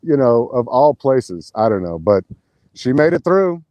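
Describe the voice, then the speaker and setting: Man, mellow dark voice, podcast guest, rambling storytelling, swears, dry close sound. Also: medium pitch, a little slow, no room sound. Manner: rambling, restarts, profane, animated retelling. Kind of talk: casual chat, storytelling.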